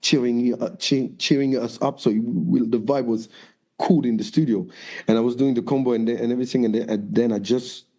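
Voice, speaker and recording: A guest dancer from France shares anecdotes in a laid-back interview, his accent clear and his mid-range voice brisk. Animated throughout, he voices other people's lines loudly as he acts them out.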